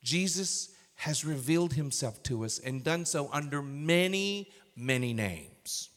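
A male pastor preaching a sermon, swinging from hushed whispers to loud, emphatic bursts. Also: fairly high pitch, expressive, measured pace. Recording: reverberant hall.

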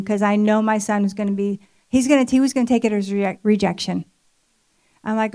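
A woman's voice: a little high, brisk, darkish tone. A middle-aged woman telling a personal story at a church marriage event, chatty and full of fillers. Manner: conversational storytelling with many fillers. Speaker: speaker at marriage ministry event. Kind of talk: personal testimony sermon.

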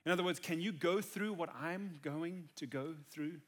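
A man's voice: fairly high pitch, normal speed. A man preaching a sermon, earnest and conversational, building to emphatic peaks. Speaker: pastor.

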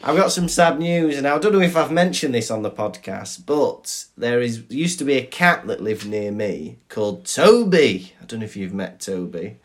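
A man, chatting as a podcast co-host. He tells his stories with animation and laughs often. His voice sits at a middle pitch. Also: lively intonation, normal speed, hardly any pauses. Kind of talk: casual chat.

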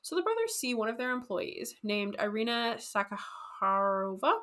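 A woman casually telling a history story on a podcast, animated and jokey, acting out quotes. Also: fairly high pitch, moderate pace. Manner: animated, jokey, acts out quotes in goofy voices. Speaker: podcast co-host.

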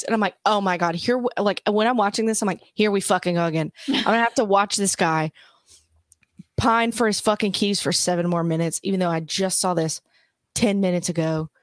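A woman's voice: medium pitch, no echo. Female podcast cohost, profane ranter, dry close mic. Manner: ranting, profane, animated impressions. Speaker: podcast co-host. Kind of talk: casual movie talk.

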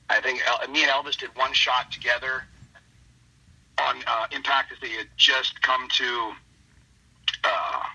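A man's voice: medium pitch, sharp tone, breathy edge. A man, a wrestler, telling a rambling casual anecdote with lots of restarts, on a muffled lo-fi line. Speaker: wrestler guest. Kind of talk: casual storytelling.

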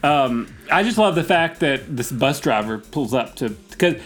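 A man's voice: medium pitch, lively intonation, a little slow, fairly bright tone, soft background music. A man in his forties co-hosting a podcast with enthusiastic, rambling, laughing casual chat. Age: 40s. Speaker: podcast co-host.

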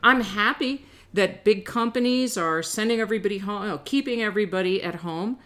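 A middle-aged woman giving opinionated solo commentary, animated and emphatic with sarcastic asides. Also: mid-range voice, brisk.

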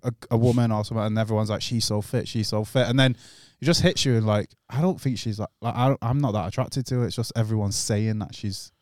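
A man's voice: lowish voice, fast talker, hardly any pauses, a little mellow, no echo. A man, a comedian in casual podcast chat who rambles loosely and laughs often, on a close mic.

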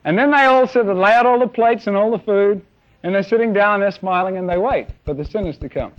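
A male preacher delivers a sermon, telling a long story and acting out scenes with little sound effects. His voice sits a little high. The recording is dull and lo-fi. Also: a little fast.

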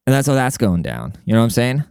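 A man hosting a solo podcast in a brash, rambling, profane way, full of fillers, jumping up in pitch when he quotes people. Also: very animated, quick pace, darkish tone, clean tone, no room sound, studio quality. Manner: jumps high in pitch when acting out quotes. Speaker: podcast host. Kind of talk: casual solo podcast monologue.

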